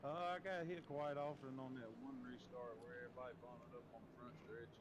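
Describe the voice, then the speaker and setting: This is a male race driver answering a quick check-in during a race, at a mid pitch for a man. His replies are short, polite and matter-of-fact. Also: flat delivery, muffled recording, very noisy. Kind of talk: brief radio check-in.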